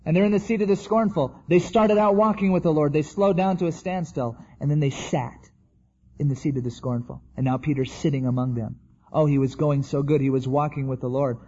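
A man's voice: a little high, steady tone, fairly quick, dark tone, lo-fi sound. A man preaching a sermon in a conversational way, acting out the quotes he tells. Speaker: pastor.

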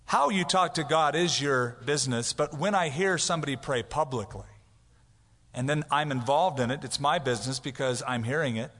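A man preaching a conversational expository sermon as pastor, animated and casual, sometimes acting out loud prayers for effect. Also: mid-range voice, moderate pace, in a large hall.

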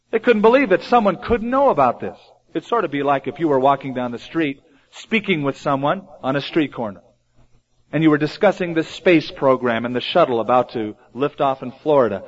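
A man delivering a sermon, his fairly high voice rising and falling a great deal as he acts out the lines he quotes. The recording is dull and lo-fi. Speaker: preacher.

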